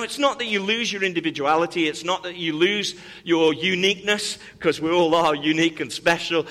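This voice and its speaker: A man's voice: fairly high pitch, sharp tone, in a large hall. A man preaching a sermon as pastor, with an emphatic, repetitive cadence that builds through rising calls.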